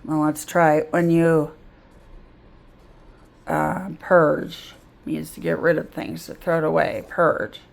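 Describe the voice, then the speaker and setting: A woman's voice: low voice, level tone, takes it slowly, creaky, long pauses. A middle-aged woman teaching a phonics lesson as a reading tutor, patiently sounding out each word aloud.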